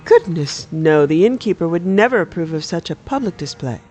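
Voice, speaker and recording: Flustered lizard-folk bard, prim, soft-spoken, read aloud by a gamer, storybook scene. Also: medium pitch, animated, moderate pace, soft background music, natural voice.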